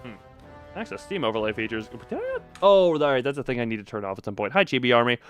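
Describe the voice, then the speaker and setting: Animated male streamer, lively pitch. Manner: animated, chatty, quick to laugh. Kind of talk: casual live-stream chat. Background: faint background music.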